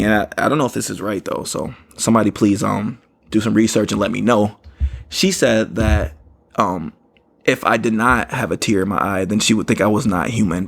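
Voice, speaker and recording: A man's voice: lowish voice, vocal fry. A man hosting a podcast, telling a story in a rambling casual way and often saying "you know what I mean". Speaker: podcast host.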